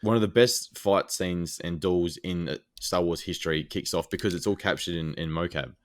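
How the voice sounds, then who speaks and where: This podcast co-host has a deep voice and speaks at a normal speed. He's excited as he retells scenes in a casual chat, rambling and using lots of fillers.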